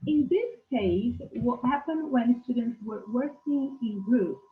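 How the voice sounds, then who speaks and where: A woman giving a webinar lecture as a teacher trainer, slowly asking questions and taking up answers from attendees. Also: fairly high pitch, animated. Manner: slow, questioning, reads out learners' answers. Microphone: video call. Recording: echoey, tinny video call.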